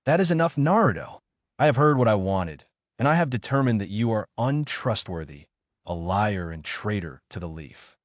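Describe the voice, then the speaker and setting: A man voicing a stern, weary old male village leader with a deadpan manner. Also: lowish voice, normal speed, no echo, clean studio sound, lightly acted.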